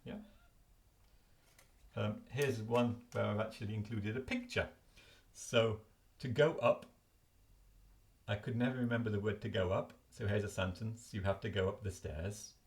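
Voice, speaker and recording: A man's voice: lowish voice, fairly even intonation, normal speed, pauses often. An older man explaining his flashcards in a chatty, self-correcting way at home. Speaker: language learning video host. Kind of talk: casual explanatory talk to camera.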